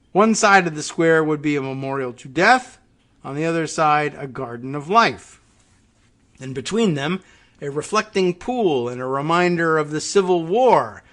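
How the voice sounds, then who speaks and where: A man hosting a talk show, reading an article aloud slowly and deliberately, then breaking off into quiet, halting asides. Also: on the high side. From United States. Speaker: podcast host.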